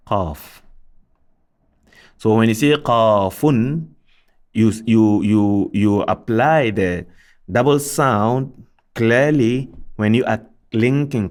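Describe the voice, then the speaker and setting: A man teaching Arabic letter sounds, speaking in a measured way and repeating syllables slowly and deliberately. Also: fairly low pitch, darkish tone. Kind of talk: slow step-by-step pronunciation lesson.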